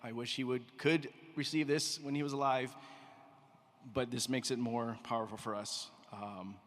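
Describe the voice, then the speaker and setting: A man giving a soft, heartfelt acceptance speech on behalf of an honoree's family. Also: mid-range voice, steady tone, moderate pace. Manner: heartfelt, softly spoken thanks. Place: event hall stage. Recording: reverberant hall with faint room noise.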